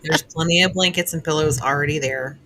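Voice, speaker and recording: A woman's voice: deep voice, a little fast, bright, forceful tone, poor audio. A woman co-hosting a live podcast in casual chat, mostly giving short dry replies. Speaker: podcast co-host.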